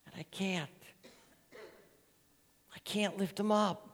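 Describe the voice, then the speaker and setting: A man voicing a tearful young boy who pleads softly for help, in a reverberant church. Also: high-pitched, fairly even intonation, takes it slowly, voice pushed up. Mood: pleading. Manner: soft, pleading, near tears.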